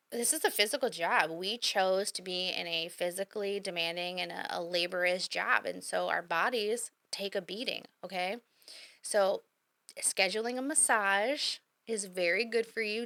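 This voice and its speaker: Bright-voiced woman giving direct advice. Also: mid-range voice, no echo. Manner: direct, coaching, repeats points for emphasis. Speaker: podcast host and business owner. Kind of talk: casual advice podcast.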